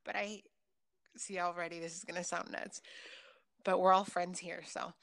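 A woman's voice: lowish voice, level tone, moderate pace, creaky, fairly bright tone. Chatty, foul-mouthed woman telling stories. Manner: loose, chatty, swears freely; filler-heavy, with frequent ums and likes. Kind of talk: casual storytelling chat.

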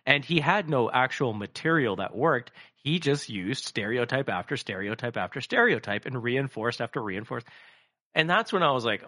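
A man co-hosting a casual comedy chat, rambling and animated, swearing freely and acting out quoted voices. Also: mid-range voice, normal speed. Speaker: podcast co-host.

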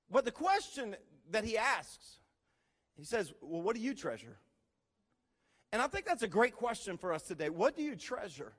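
Pastor guy with a really high voice, animated sermon, does beep noises, goes loud then quiet. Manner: animated storyteller imitating beeping sounds; swings between loud emphasis and hushed asides.

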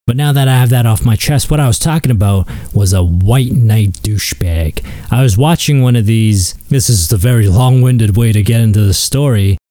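A man's voice: mid-range voice, moderate pace, few pauses, mellow, no room sound. A man hosting a podcast, delivering a crude, sarcastic, rambling comedic monologue. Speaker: podcast host.

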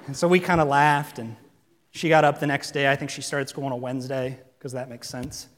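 This sermon comes from a male pastor whose mid-range voice is fairly bright, flat in delivery and brisk. He preaches earnestly yet conversationally, asking rhetorical questions, and the large sanctuary adds long reverb.

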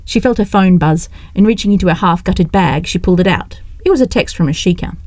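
A woman narrating an audiobook in a brisk, expressive way. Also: lowish voice, no room sound.

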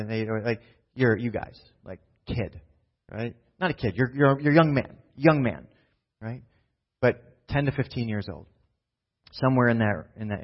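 A man preaching a sermon in a casual storytelling manner, often checking in with "right?". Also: mid-range voice. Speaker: pastor. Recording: dull lo-fi sound.

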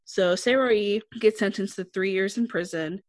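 A woman's voice: medium pitch, normal speed, no echo, clean studio sound. A woman casually recapping a drama episode, chatty and laughing often as she quotes the characters. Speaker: podcast co-host recapping a drama. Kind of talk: casual chat.

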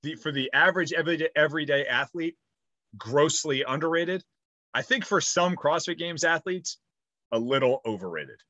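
Bright-voiced man, rambling and animated. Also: fairly high pitch, normal speed, no room sound, dull audio. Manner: rambling, animated storytelling with swearing. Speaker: podcast co-host. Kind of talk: casual chat.

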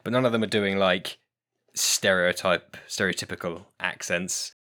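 A man's voice: deep voice, steady tone, normal speed, sharp tone. A man chatting casually as a podcast guest about tabletop games, rambling and correcting himself as he goes, with frequent laughs. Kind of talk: casual chat.

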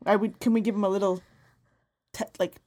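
A woman's voice: medium pitch, level tone, brisk, mellow. A woman co-hosting a podcast in casual banter, playful and rambling, often giggling. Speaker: podcast co-host and DJ.

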